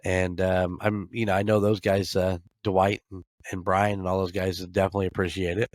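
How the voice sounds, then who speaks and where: Podcast co-host: American man, low voice, dry close sound, blunt and laid-back. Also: little pitch movement, fairly quick, no echo. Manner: laid-back, blunt and profane, with frequent fillers. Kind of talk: casual chat.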